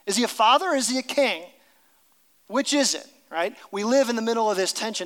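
A man's voice: high voice, fairly bright tone, long reverb tail, poor audio. A middle-aged man preaching a sermon, speaking emphatically and sometimes reading aloud from a book. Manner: emphatic, reads story aloud with character voices. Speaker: pastor.

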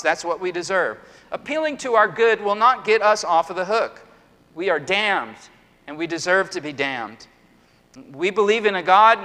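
A middle-aged male pastor with a high, sharp-toned voice preaches an earnest sermon full of emphatic rhetorical questions. A long hall reverb hangs on the recording.

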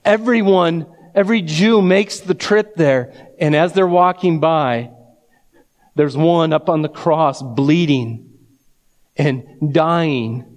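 Slow, fervent preacher in a reverberant hall. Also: male voice, a little high. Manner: reads scripture aloud and builds to fervent emphasis. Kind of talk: sermon.

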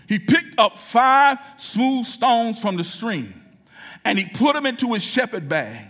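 High-voiced, bright male preacher. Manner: rising to shouted preaching. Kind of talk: sermon. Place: church.

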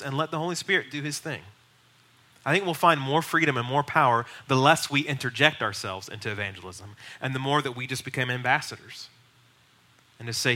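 A man's voice: mid-range voice, sharp tone. A male pastor teaching a class in a bold, emphatic, urging way. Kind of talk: teaching sermon.

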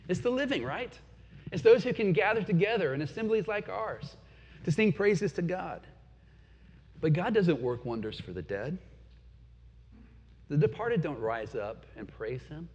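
Earnest preacher in an echoing hall. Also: male voice, fairly high pitch, breathy edge. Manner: earnest, reflective, rhetorical questions, drops to quiet pauses. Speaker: pastor. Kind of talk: sermon. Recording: dull lo-fi sound with long hall reverb.

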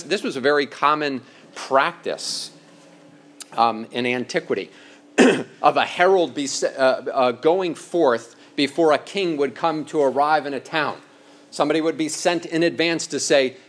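A man teaching a sermon in a conversational way, slowing down on key phrases for emphasis. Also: medium pitch, a bit bright. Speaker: pastor.

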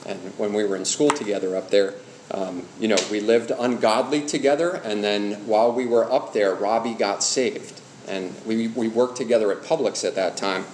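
A man's voice: on the low side, normal speed, a little mellow. A middle-aged male pastor teaching a church class on evangelism in a conversational way, asking the room questions and telling personal stories. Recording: roomy hall with faint background hum.

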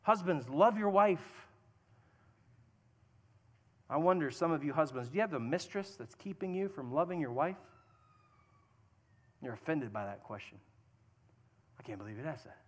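High voiced pastor guy preaching, earnest and joking at himself, big echoey hall. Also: lively intonation, moderate pace, long pauses. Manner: earnest, self-deprecating, with mock-voiced asides. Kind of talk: sermon. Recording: long hall reverb.

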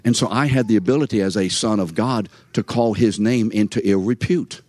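A man's voice: fairly low pitch, brisk, darkish tone, no room sound. An older man giving a sermon as a story, chatty and conversational, speaking straight to his listeners. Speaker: preacher.

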